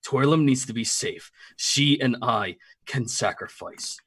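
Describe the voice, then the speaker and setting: A man playing a tabletop game, earnest and a little halting, arguing his case. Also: medium pitch, expressive, fairly bright tone, husky. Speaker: player. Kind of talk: tabletop role-play, in and out of character.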